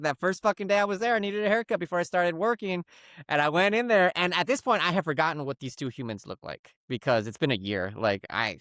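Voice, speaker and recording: Animated, profane podcast storyteller man. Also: a little high, no echo, clean studio sound. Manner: animated, profane, rambling with many "like"s. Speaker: podcast co-host. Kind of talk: casual comedic storytelling.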